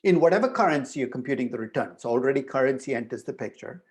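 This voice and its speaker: An older male professor giving a university lecture, emphatic and animated, often restarting his sentences as he thinks aloud. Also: medium pitch, fast talker.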